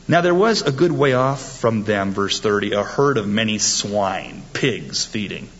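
A man's voice: lowish voice, expressive, unhurried, few pauses, husky, lo-fi sound. A man preaching a sermon, emphatic and quoting scripture with rising force. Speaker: pastor.

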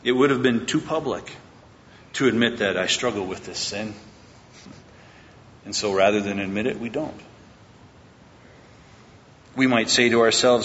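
A man's voice: measured pace, pauses often, a bit bright. A man preaching a sermon, retelling a Bible story in a conversational way and acting out the characters' lines. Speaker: pastor. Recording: echoey lo-fi hall recording with faint rumble.

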